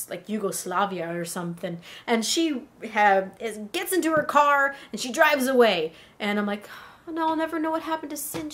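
A woman with a high, light voice spins a first-person adventure for her vlog. She talks in a casual, animated way, piling one event onto the next. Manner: animated, breathless tale-telling. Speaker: vlogger.

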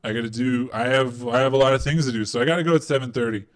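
A man's voice: medium pitch, fairly even intonation, very fast. A man hosting a live call-in stream, chatting casually and rambling with lots of fillers before singing karaoke. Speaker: live call-in show host.

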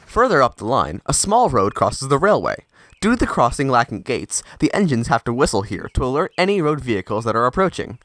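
A man reading a storybook tale aloud in a measured, expressive way. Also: medium pitch. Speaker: narrator. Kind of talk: storybook narration.

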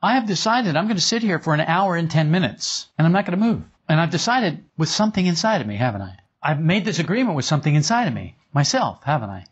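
A man's voice: a little high, very animated, quick pace, hardly any pauses, slightly rough. A man teaching a group in an informal spiritual talk, conversational and chuckling often. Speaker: esoteric teacher. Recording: dull lo-fi recording.

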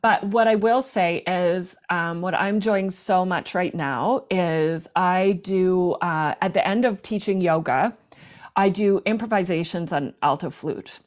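A woman flute player, a professional performer and teacher, chatting in an interview, animated and talkative with lots of restarts. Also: on the low side, a little slow. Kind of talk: casual interview chat.

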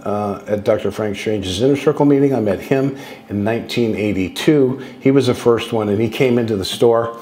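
A man's voice: lowish voice, normal speed, warm tone. A man in his sixties telling long, loose personal stories as a guest speaker, restarting sentences and acting out bits of dialogue. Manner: loose and digressive, with frequent restarts and acted quotes. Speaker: guest speaker on contact experiences. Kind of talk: rambling anecdotal storytelling. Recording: roomy echoey sound.

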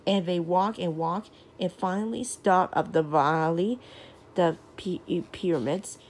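A woman reading a children's storybook aloud, halting and restarting as she reads. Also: fairly low pitch, darkish tone, a little hiss or hum. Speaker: storybook reader.

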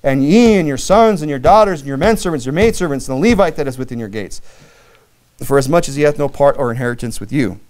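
A man from Michigan preaching a sermon, animated, with many asides and acted-out quotes. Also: medium pitch, quick pace. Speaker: pastor.

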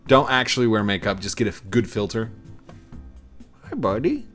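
A man's voice: fairly low pitch, fast, fairly bright tone, faint music behind. A young man hosting a gaming video, casually commenting on camera filters in a playful, rambling, self-mocking way. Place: warm home studio.

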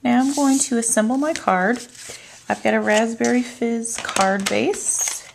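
A woman demonstrating card making step by step, calmly narrating what she does with her hands. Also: fairly high pitch, measured pace, vocal fry, background noise. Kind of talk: step-by-step craft tutorial.

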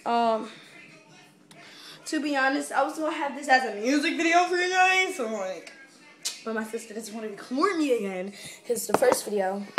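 Excitable high-voiced woman vlogging at home. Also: reverberant, a little hiss or hum. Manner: excitable, dramatic, squealing reactions. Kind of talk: casual vlog chat.

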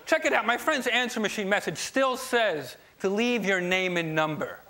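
A young man from New Jersey doing a stand-up set on a late-night TV show, with punchy, energetic joke delivery and loud asides. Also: high voice, normal speed, crowd noise, noisy background. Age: young adult. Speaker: stand-up comedian. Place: TV studio stage before a live audience. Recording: live TV studio with loud audience laughter.

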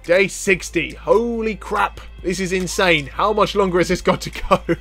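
Excitable high-voiced gamer. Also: male voice, a little slow, hardly any pauses. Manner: excitable, reads character lines aloud in playful voices. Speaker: gaming YouTuber. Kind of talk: let's play commentary. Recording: faint background game music.

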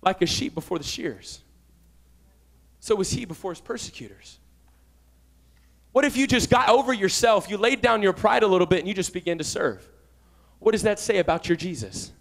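A young man preaching with a notably high voice, fervent and urgent. He swings from hushed asides to loud shouted calls, keeping a lively, personal sermon tone. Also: gravelly. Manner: fervent, rising to shouts, with quick asides and laughs. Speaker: guest preacher.

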